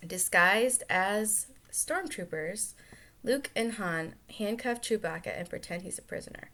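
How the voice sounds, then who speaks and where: A woman reading a children's picture book aloud, lively and expressive. She breaks off now and then for chatty, offhand asides and fixes her own stumbles as she goes. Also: fairly high pitch, measured pace. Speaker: storyteller aunt.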